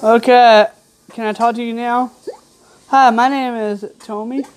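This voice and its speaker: A woman playing a video game and narrating as she goes, reading the on-screen text aloud in a somewhat high voice. She talks in an easy, offhand way and drifts into asides. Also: fairly even intonation, measured pace, a little mellow, clean tone. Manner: chatty and offhand, trailing into asides. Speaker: gamer.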